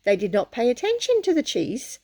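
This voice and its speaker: A woman reading a picture book aloud to children in an animated way, often pausing to ask the listener questions. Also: on the high side. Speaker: storyteller.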